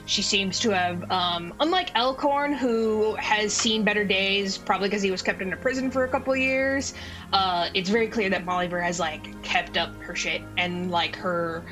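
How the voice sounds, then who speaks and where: Woman game master, bright and crisp tone, casual rambling narration, faint music behind. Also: medium pitch, rough recording. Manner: casual, filler-heavy, swearing.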